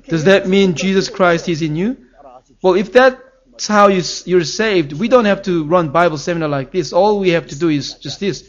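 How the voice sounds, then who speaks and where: A man's voice: sits high, moderate pace. Earnest male preacher, lo-fi sound. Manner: earnest preaching with emphatic rises. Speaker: pastor. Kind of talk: sermon.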